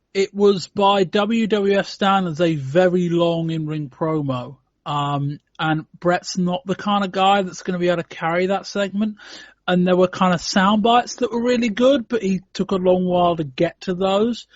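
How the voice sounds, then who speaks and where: A man's voice: sits high, steady tone, normal speed, no echo. A man hosting a podcast in casual discussion, thinking aloud with frequent "um"s and restarts. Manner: thoughtful, hedging with frequent "um" and restarts. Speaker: podcast host. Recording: dull lo-fi podcast audio.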